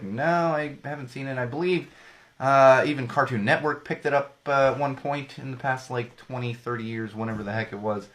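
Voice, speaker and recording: On a casual solo podcast, a man rambles and cracks jokes, often restarting and correcting himself. His medium-pitched, slightly bright voice sounds a little worn, as if he's starting to lose it.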